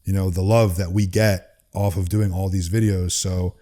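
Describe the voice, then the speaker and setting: A man's voice: low voice, little pitch movement, normal speed, mellow. A man speaking as a supercar dealer guest on a podcast, easygoing and full of "you know". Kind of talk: casual interview chat.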